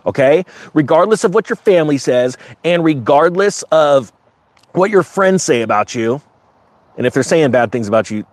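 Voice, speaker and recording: Animated man ranting on a livestream. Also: no room sound. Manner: animated, sarcastic, rising to high excited pitch; rambling with many restarts. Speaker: crypto market livestream host. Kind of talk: casual livestream rant.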